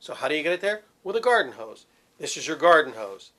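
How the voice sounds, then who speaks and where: A man's voice: fairly high pitch, very animated, quick pace, a bit bright. A middle-aged man and former opera singer teaching vocal technique, explaining patiently and demonstrating with sung examples. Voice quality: resonant, focused head voice.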